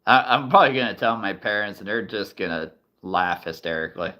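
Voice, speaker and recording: A man's voice: on the low side, animated, a little fast, pushed and bright. A man hosting a casual livestream from a relative's house, rambling and chuckling between remarks. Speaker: livestream host. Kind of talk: casual live-stream chat.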